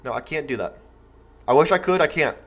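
A man's voice: a little high, brisk, background noise. A man in his twenties hosting a show, giving a blunt, slangy motivational talk to young men and parents, acting out the voices of others. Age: 20s. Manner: animated, acts out voices of others. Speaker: podcast host. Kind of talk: motivational monologue.

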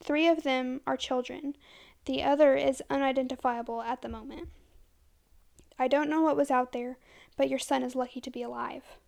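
A woman voicing a grave male police officer in a horror story, speaking quietly and matter-of-factly. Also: high-pitched, steady tone, moderate pace, gravelly.

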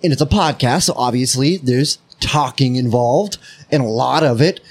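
An American man hosting a podcast, chatting loudly and swearing through casual banter. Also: mid-range voice, normal speed. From United States. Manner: loud, laughing, swearing banter. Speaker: podcast host.

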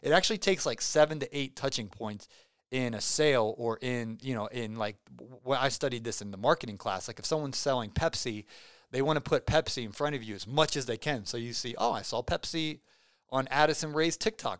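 A young male podcast host rambles through his sign-off in an excitable, joking way, tripping over words and piling up fillers. His voice is smooth and clear, recorded close and dry with no room sound. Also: medium pitch, fairly quick, no echo. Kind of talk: casual podcast sign-off chat.

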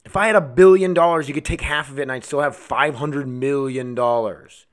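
A man hosting a solo podcast, ranting angrily with constant swearing, swinging between shouted outbursts and low mutters. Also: brisk. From United States. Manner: angry, swearing constantly, heated. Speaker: podcast host.

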